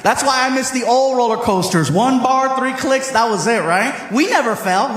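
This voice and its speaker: Animated high-voiced male comedian. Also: normal speed, a little hiss or hum. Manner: animated, with loud outbursts. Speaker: stand-up comedian. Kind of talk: stand-up storytelling.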